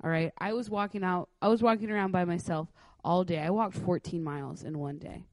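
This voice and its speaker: A woman's voice: lowish voice, steady tone, a little fast, a little mellow, no room sound. A woman co-hosting a podcast in casual chat, playful and rambling as she tells a story. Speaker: podcast co-host.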